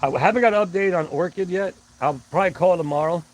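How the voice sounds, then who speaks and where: A man with a high-sitting voice hosts a casual livestream, talking quickly, rambling along and greeting viewers by name. The recording quality is low.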